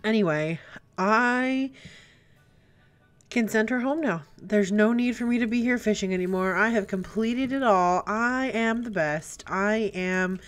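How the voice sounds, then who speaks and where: Unhurried woman chatting through a game. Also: medium pitch. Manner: chatty, breaks into excited squeals and gasps. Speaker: gaming YouTuber. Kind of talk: let's play commentary. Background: faint game music.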